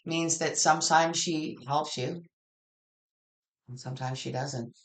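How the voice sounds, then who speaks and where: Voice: mid-range voice, steady tone, a little slow. Blunt, casual tarot reader. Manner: blunt, frank, swears casually; rambling with frequent restarts. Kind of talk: casual tarot reading to camera.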